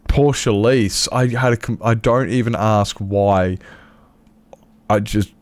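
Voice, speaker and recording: A man's voice: on the low side, slow, no room sound. An Australian man streaming a game, chatting casually and rambling in a self-mocking way with his viewers. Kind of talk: casual live-stream chat while playing.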